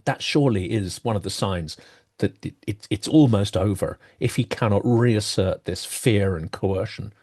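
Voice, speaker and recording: A man hosting a political discussion, thinking aloud with pauses and shifting emphasis. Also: fairly low pitch, a little mellow, slightly rough. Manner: reflective, pausing with ums, varied emphasis. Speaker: podcast host. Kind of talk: discussion interview.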